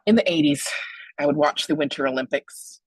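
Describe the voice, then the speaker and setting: A woman in her forties giving a lively webinar talk, joking and chatty, with big excited leaps in her voice. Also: brisk, slightly rough, no echo, rough recording. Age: 40s. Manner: playful, joking, chatty asides; big excited pitch jumps. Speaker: webinar presenter on donor relations.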